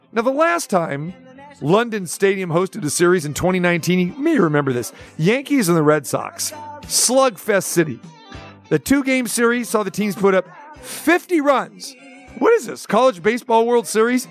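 Sports radio guy with a high voice going off sarcastic, faint music underneath. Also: normal speed. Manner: animated, sarcastic, ranting. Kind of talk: sports talk radio rant.

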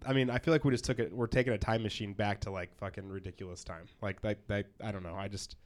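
A man hosting a casual podcast chat, relaxed and blunt, moving through segments. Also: lowish voice, fast. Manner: relaxed, swears, runs the segments.

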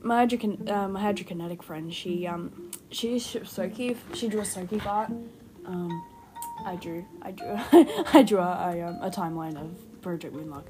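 A young woman hosting an unscripted fan-theory podcast, excitable and rambling, who speeds up when excited. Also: medium pitch, moderate pace, crowd noise. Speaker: podcast host. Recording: music playing behind the voice.

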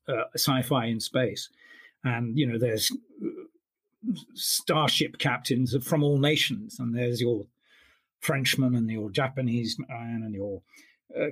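Husky guy, audiobook narrator, talks thoughtful and careful in an interview, restarts a lot. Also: medium pitch. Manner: thoughtful, measured, frequent restarts. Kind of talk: interview conversation.

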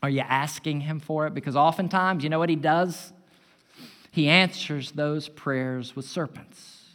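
A man preaching a sermon as pastor, building loud and emphatic and then dropping to a hushed tone. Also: a little high, measured pace. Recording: long hall reverb.

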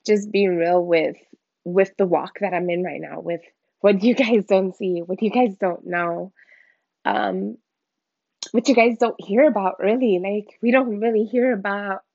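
Gravelly-voiced woman sharing a faith testimony. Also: medium pitch, measured pace, a little mellow, dry recording. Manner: candid, emotional, informal slang. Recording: dull lo-fi dry recording.

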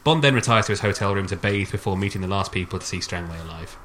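A man's voice: sits low, lively intonation, fast, fairly bright tone, slight background noise. A man hosting a podcast, recounting a film's plot and then rambling into casual chat with frequent restarts. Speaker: podcast host. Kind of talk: casual film review chat.

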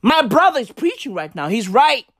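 A man's voice: very high voice, very animated, moderate pace, a bit bright, no room sound, clean studio sound, exaggerated voice. A man voicing an older father in a funeral crowd who eagerly agrees with the preacher.

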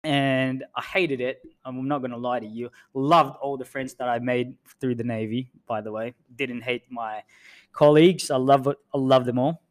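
A man's voice: mid-range voice, steady tone, normal speed. A man in his thirties from the Philippines, co-hosting a podcast and chatting frankly and casually, with free swearing. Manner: frank and loose, swearing freely. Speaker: podcast co-host, Navy veteran. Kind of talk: casual chat.

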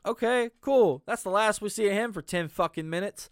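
A man's voice: high voice, expressive, brisk, few pauses, no echo, clean studio sound. A young man casually riffing on a bad movie, swearing a lot, laughing often and acting out the characters in mocking voices. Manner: profane, laughing, acts out scenes in mocking voices. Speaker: podcast co-host.

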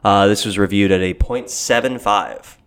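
A young adult man co-hosting a podcast, chatting casually with lots of swearing and jokes, sometimes mimicking people in a high voice. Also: fairly even intonation, normal speed, a bit bright, smooth. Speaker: podcast co-host. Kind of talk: casual banter.

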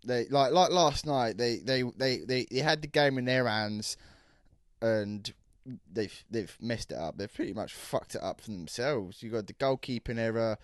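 A young man co-hosting a casual football chat, halting and repeating words as he talks. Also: mid-range voice, expressive. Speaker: podcast co-host.

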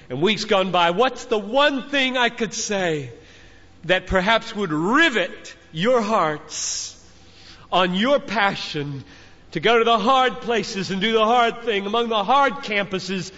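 A man's voice: high-pitched, animated, takes it slowly, pushed and bright. An older man preaching a fervent sermon to a conference crowd, exhorting his listeners and building up phrase by phrase like a father speaking to his children. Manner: fervent, exhorting, repeating phrases with rising intensity. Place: large conference hall. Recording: dull sound with long hall reverb.

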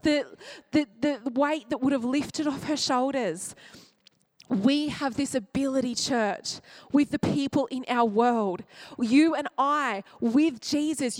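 Woman pastor, high voice, emotive sermon delivery, dry close sound. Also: a little slow, a little mellow, no echo. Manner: emotive, acts out quoted voices, drops to near-whisper at tender points.

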